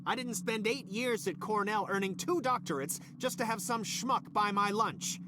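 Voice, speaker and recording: A man's voice: high voice, normal speed, background noise, lightly acted. An actor playing an irritable middle-aged male scientist in a video game, snapping and sarcastic at a janitor. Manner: snapping, sarcastic, then apologetic. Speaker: scientist boss.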